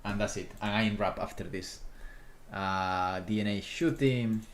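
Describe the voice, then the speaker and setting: A man with streaming live commentary as he tests his own game, talking to enemies and swinging from loud to muttered. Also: on the low side, fairly even intonation, a little slow, slight background noise.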